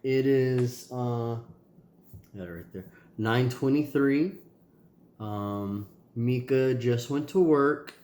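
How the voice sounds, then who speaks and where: Speaking to his kids in a rambling video diary, a tired and sore father talks casually and loosely, sighing and filling gaps with "um." His nasal voice is mid-range and darkish, unhurried, and the space is reverberant.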